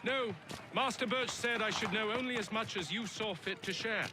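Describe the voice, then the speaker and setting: A man's voice: high voice, moderate pace, background noise, natural voice. A man playing an earnest young officer. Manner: formal, deferential. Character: earnest young male officer, eager to please.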